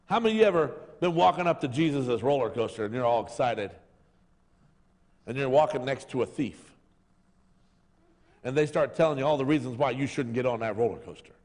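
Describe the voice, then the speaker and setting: A male pastor preaches in a loose, conversational way, teasing his congregation and calling for amens. His pitch swings widely from low asides to high exclamations. His voice rings through a big, long-echoing sanctuary. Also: expressive, a little fast, long pauses, a little mellow. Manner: casual and joking, calls out to the congregation, asks for amens. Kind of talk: lively sermon. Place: church service in a sanctuary. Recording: long hall reverb.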